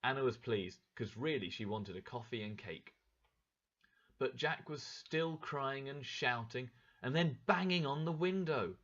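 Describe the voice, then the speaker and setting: A man narrating a graded story for English learners in a clear, expressive way. His pitch moves a lot, rising and falling. The recording sounds slightly dull and lo-fi. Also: measured pace.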